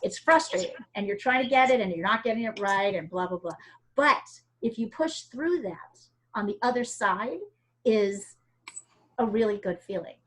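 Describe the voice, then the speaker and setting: A woman's voice: medium pitch, expressive, moderate pace. A woman from the United States teaching an art class over a video call, chatty and encouraging, with frequent fillers.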